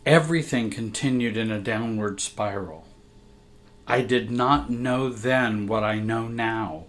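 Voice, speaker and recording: A man's voice: lowish voice, slow, a bit bright. A man, a family coach, reading a painful personal story aloud in a somber, reflective way.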